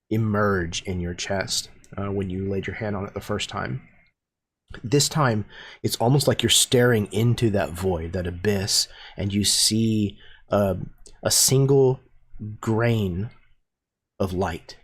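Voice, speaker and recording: Slow, husky-voiced man narrating a game. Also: lowish voice. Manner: descriptive, unhurried, with many fillers. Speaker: game master.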